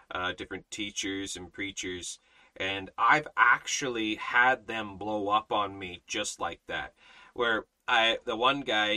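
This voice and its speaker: A man's voice: fairly low pitch, sharp tone, poor audio. A man teaching a Bible study in a sermon style, emphatic, repeating phrases and restarting often.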